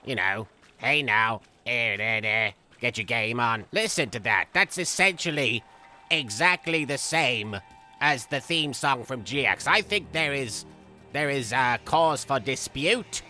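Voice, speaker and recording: Guy doing a goofy unhinged villain, slow rambly game jokes, super bright voice. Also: lively intonation, soft background music. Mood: rambling. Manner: rambling silly jokes, sudden shrill outbursts. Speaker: gameplay commentator. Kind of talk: comedic let's-play commentary.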